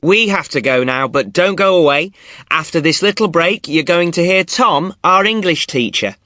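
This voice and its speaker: Guy co-hosting a learner podcast, bright voice, lively tone, dry studio. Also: a little high, normal speed, dry recording. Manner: clear, friendly presenting. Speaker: podcast co-host.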